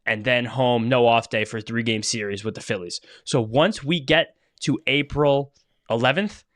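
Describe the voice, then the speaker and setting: A man's voice: mid-range voice, moderate pace, a bit bright, no echo, clean studio sound. A man co-hosting a casual podcast, talking in long, rambling runs and swearing now and then. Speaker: podcast co-host. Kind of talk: casual chat.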